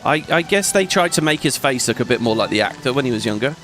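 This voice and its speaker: A man's voice: mid-range voice, animated, quick pace, fairly bright tone, soft background music. A man hosting a let's play, chatting casually and rambling as he thinks aloud and laughs often while he plays. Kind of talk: casual gameplay commentary.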